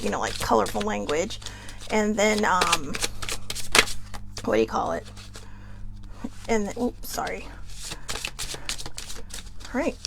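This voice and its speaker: Woman host of a live card reading; giggly, off-topic, profane, gravelly. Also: medium pitch, heavy background noise. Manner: giggly, chatty, swears freely, goes off topic.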